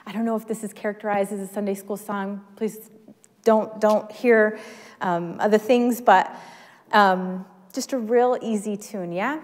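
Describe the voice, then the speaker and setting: A woman's voice: medium pitch, fairly even intonation, measured pace. A woman pastor giving a sermon, chatty and self-deprecating, who leads the congregation in singing. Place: church sanctuary. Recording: long hall reverb.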